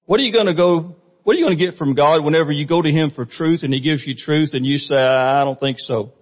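A man preaches a sermon in a church, his voice a little higher than most men's. He talks in a plain, conversational way and keeps putting questions to the congregation. The recording sounds muffled, and a long reverb trails off in the hall. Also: quick pace. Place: church sanctuary.

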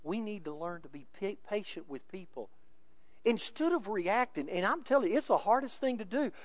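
A male pastor preaching a sermon with emphasis, moving between quiet asides and raised, insistent points. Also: high voice, expressive, moderate pace, no room sound.

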